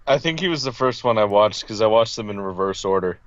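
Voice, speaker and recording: A man's voice: on the low side, lively intonation, brisk, muffled recording, slight background noise. A man co-hosting a casual recap podcast, making dry jokes and reading out contestant profiles. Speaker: podcast co-host.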